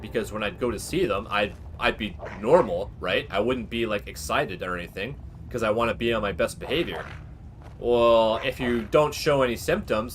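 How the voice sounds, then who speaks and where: A man chatting casually while he streams a game. He rambles candidly, with lots of fillers and the odd swear word. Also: mid-range voice. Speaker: gaming livestreamer.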